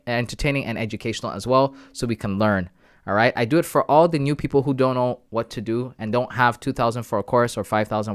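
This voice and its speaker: Man, young adult, casual livestream chat, slangy, loud shout-outs, mid pitch, dry close mic. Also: clean tone, no echo. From Canada. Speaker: live-streaming forex trader.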